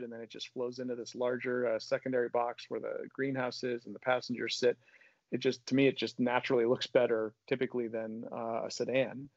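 A man's voice: mid-range voice, no room sound, muffled recording. A man on a car panel, explaining with enthusiasm and in full, articulate sentences. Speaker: automotive panelist. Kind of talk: casual panel chat.

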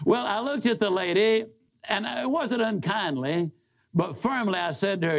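A man giving a motivational speech, telling a story in a folksy, emphatic way with big swings in pitch. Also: expressive, moderate pace, creaky. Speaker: motivational speaker.

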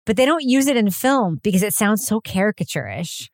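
Woman, podcast co-host, chatty and musing, mid pitch, dry recording. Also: big pitch swings, brisk, no room sound. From lived in New England since 1993. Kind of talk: casual chat.

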